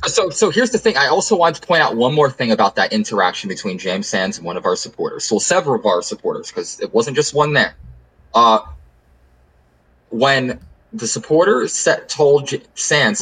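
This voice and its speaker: A man's voice: mid-range voice, animated, normal speed, fairly bright tone, breathy edge, low-quality recording. A man hosting a casual sports podcast, making his point with emphatic, repetitive phrasing. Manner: emphatic, repeats words while building an argument. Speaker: podcast host.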